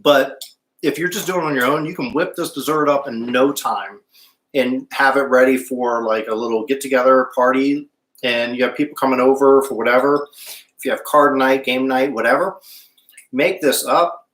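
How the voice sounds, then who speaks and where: A man's voice: medium pitch, steady tone, moderate pace, a bit bright, roomy sound. A man hosting a casual live-stream cooking show, chatting with viewers and humming while he tastes. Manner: chatty, stops to hum while tasting.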